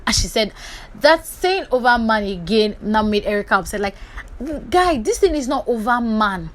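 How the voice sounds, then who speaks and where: Nigerian woman vlogger, Nigerian English accent, animated gossip storyteller with a slightly high voice. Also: normal speed. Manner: lively, acts out the quotes, chatty asides.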